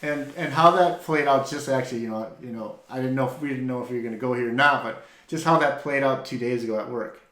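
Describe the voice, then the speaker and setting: A man's voice: medium pitch, fast talker, few pauses. A man co-hosting a casual faith-based talk, telling a story with energy and often restarting his sentences. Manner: animated storytelling, repeats words when starting a thought. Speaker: podcast co-host. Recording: echoey room.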